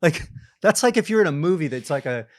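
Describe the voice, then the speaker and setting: A man's voice: fairly high pitch, sing-song, fast, a little hiss or hum. Candid middle-aged man telling stories. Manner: storytelling, acts out quoted thoughts in other voices; self-deprecating, frequent restarts and laughs. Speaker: podcast guest, company founder. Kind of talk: casual conversation.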